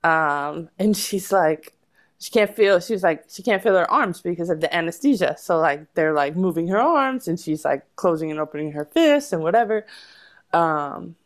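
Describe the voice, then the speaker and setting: A woman's voice: lowish voice, moderate pace. A woman guest telling a long story in casual podcast chat, laughing often and acting out what people said. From United States. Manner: animated, laughs often, acts out quotes.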